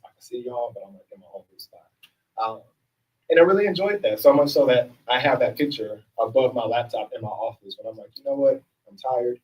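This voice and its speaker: Man, workshop facilitator, casual and upbeat, mid-pitched voice, recorded from a distance. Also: dull audio. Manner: upbeat, casual, keeps checking in with "all right?". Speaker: workshop facilitator and self-help coach. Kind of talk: leading a group workshop. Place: room with a group of people.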